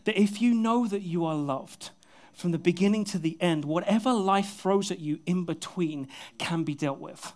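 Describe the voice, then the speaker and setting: Male pastor, higher-pitched, delivering an earnest sermon with soft, intimate drops and light self-mocking humor. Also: normal speed, hardly any pauses. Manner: earnest, often dropping to soft, intimate tones; self-deprecating humor with bursts of laughter. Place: church service with a congregation.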